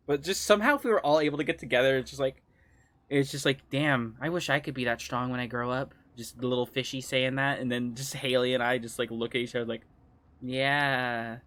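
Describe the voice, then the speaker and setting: A woman's voice: extremely low pitch, no echo. A woman streaming a game, chatting casually with her chat, laughing often and swearing freely. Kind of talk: casual game livestream commentary, reading chat.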